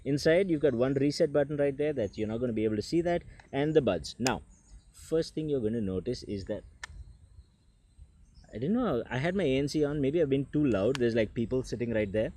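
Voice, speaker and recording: A man chats through an earbud unboxing in a relaxed, mellow voice at a middle pitch. He is chatty and jokes about himself as he talks to the camera. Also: brisk, a little hiss or hum. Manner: chatty, self-deprecating, jokes aside. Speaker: tech reviewer. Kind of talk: casual unboxing vlog. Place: indoors with people nearby.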